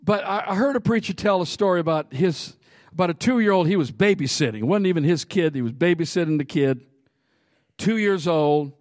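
Male preacher, higher voice, dry close sound, animated storyteller who laughs a lot and rallies the congregation. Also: fairly quick, dry recording. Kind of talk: sermon with humorous storytelling.

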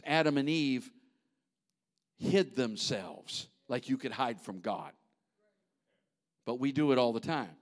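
A man preaching a sermon in an animated, conversational way, with asides to the congregation. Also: medium pitch.

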